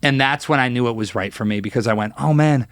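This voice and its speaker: A man in his thirties, a guest guitarist telling stories in a casual interview, lively and acting out quotes, with many fillers. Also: medium pitch, fast talker, dry recording.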